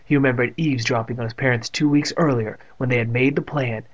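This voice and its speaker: A man narrating a story in a steady, plain reading voice, adding jokes of his own. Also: medium pitch, quick pace, muffled recording. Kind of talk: audiobook reading with ad-libbed jokes.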